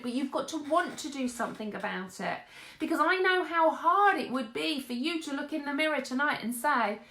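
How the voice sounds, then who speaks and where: A woman's voice: high-pitched, fairly bright tone, reverberant. A woman giving an earnest motivational talk, speaking directly to her listeners. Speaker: host.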